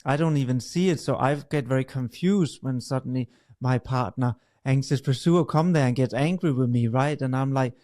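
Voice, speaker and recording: A man's voice: medium pitch, normal speed, mellow. A man, co-hosting a podcast about relationships, explaining patiently and often checking in with "right?". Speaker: podcast co-host, couples expert. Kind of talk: conversational explanation, role-playing a partner.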